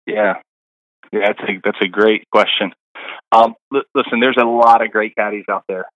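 Low, dry-voiced man telling caddie stories. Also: steady tone, moderate pace, no room sound, highs cut off. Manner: rambling, many fillers and restarts. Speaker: caddie guest. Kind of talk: casual interview storytelling.

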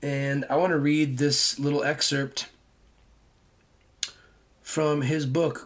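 A man's voice: on the high side, flat delivery, slow pace, pauses often. A man hosting his own podcast and speaking fervently in a casual monologue. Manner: fervent, agreeing. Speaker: podcast host.

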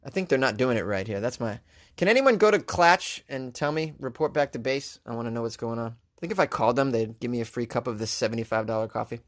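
A man's voice: medium pitch, fast. A man hosting a comedic news commentary, reading headlines and riffing on them sarcastically. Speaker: host.

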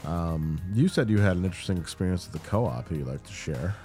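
Man, very low voice, podcast co-host, unwell, short reactions, faint music. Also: animated, fairly quick, mellow. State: feeling unwell. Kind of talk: casual chat.

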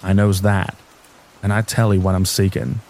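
A man's voice: deep voice, flat delivery, normal speed, a little mellow, slight background noise, low-quality recording. A man voicing a knowing country carter who speaks in rustic dialect, half mysterious.

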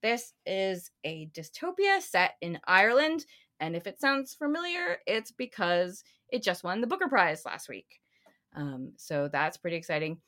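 A woman's voice: fairly low pitch, very animated, unhurried, a bit bright. A woman co-hosting a podcast, chatting casually and rambling through long stories. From United States. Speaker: podcast co-host. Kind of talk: casual chat.

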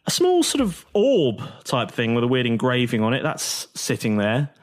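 A man's voice: medium pitch, wildly swooping pitch, moderate pace. A man, narrating and running a tabletop game, hesitating often and filling gaps with ums. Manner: hesitant, full of fillers. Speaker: game master.

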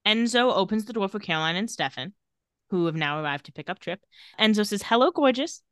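A woman co-hosts a podcast, casually recapping a TV episode in an animated way and acting out the characters' quoted lines. Her mid-range voice moves fast with a clean tone. The recording is dry, with clean studio sound.

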